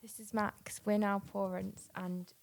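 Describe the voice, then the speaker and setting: A woman's voice: mid-range voice, flat delivery, a little slow, gravelly, slight background noise. A woman co-hosting a casual chat, upbeat and cooing at the dog. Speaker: podcast co-host.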